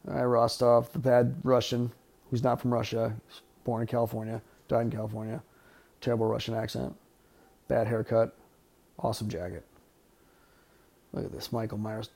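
A man's voice: medium pitch, steady tone, brisk, creaky, long pauses, mellow. A man hosting a podcast, giving casual, wisecracking, profanity-laden commentary while watching a movie. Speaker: podcast host. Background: faint film soundtrack.

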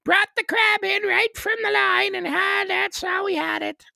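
Brief: loud, high-pitched old Newfoundland codger, hollering and boisterous. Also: male voice, little pitch movement, a little slow, vocal fry, no room sound, clean studio sound, full character voice. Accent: put-on Newfoundland. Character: rowdy old rural Newfoundland man, boisterous.

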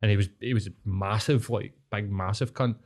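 A man's voice: on the low side, steady tone, a little fast, darkish tone. A middle-aged man with a broad Glaswegian Scottish accent, chatting casually. He tells sweary, rambling anecdotes and laughs along as he goes. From Glasgow, Scotland. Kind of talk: casual podcast chat.

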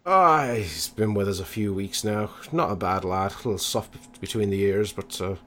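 Weary middle-aged gang member, gruff and foul-mouthed, low voice , as a man puts him on, tabletop game. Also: normal speed, a bit bright, natural voice. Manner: casual, swears freely.

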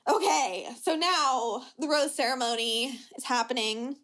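Young woman podcast co-host, high voice, chatty storyteller. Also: a little slow, background noise. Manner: chatty storyteller, acts out quotes. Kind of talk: casual chat recapping a reality show.

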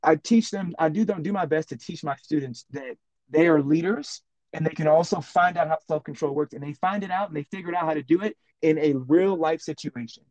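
A man's voice: fairly high pitch, brisk, poor audio. A man who is a teacher, chatting on a podcast and acting out classroom exchanges as he tells stories. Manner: animated storyteller, acts out classroom exchanges. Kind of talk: casual podcast chat.

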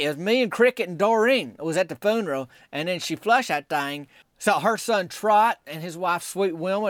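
A man with a drawl hosts his podcast, telling comic stories that meander along. His voice sits a touch high and his delivery stays folksy and deadpan. The sound is dry and close, with no room around it. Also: no room sound. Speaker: podcast host. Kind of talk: rambling comic storytelling.

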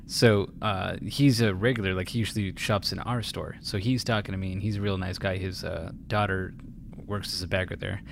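A man's voice: deep voice, fairly quick, creaky, noisy background. A young man, a podcast co-host, telling work stories in casual chat and often laughing as he talks. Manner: laughs through his stories, animated retelling.

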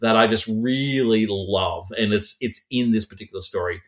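A man's voice: lowish voice, moderate pace, a bit bright. A man who is a podcast guest, talking about stories in a playful, colorful, emphatic way. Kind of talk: casual podcast chat.

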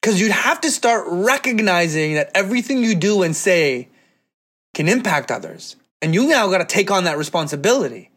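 A man telling a personal story to an audience, animated and acting out the voices of people in it. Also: sits high, moderate pace. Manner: animated, acts out voices in quotes, laughs often.

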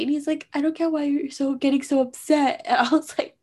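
A young woman co-hosting a casual chat, telling stories and acting out quotes with animated, rising energy. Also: high voice, brisk. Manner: animated, acts out her dad and herself in quotes. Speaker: podcast co-host.

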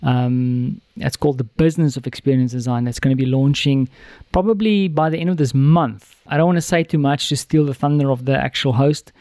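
A man's voice: mid-range voice, fairly quick, warm tone, no echo. Rambling male podcast host, dry sound. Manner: rambling, with many fillers. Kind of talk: casual chat.

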